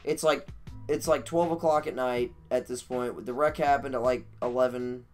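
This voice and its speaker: A man's voice: medium pitch, steady tone, moderate pace, faint music behind. Profane, rambling male storyteller. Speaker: streamer. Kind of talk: casual storytelling.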